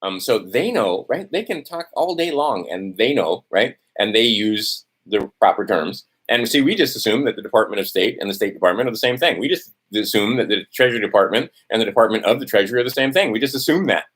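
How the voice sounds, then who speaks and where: A male vlogger rants heatedly to camera in a lowish, husky, fairly bright voice, talking a little fast with lively intonation and hardly pausing. He's testy and profane, swearing often, keeps tossing in "right?", and loses his place in his notes.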